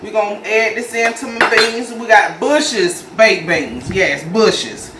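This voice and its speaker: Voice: mid-range voice, measured pace, pushed and bright, recorded from a distance. A home cooking show host with a Southern US accent, chatting folksily to viewers while walking through a recipe step by step. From Jacksonville, Florida, US. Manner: chatty and folksy, talks straight to viewers as y'all. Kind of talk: casual cooking demonstration. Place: home kitchen. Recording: roomy kitchen, off-mic, faint background hum.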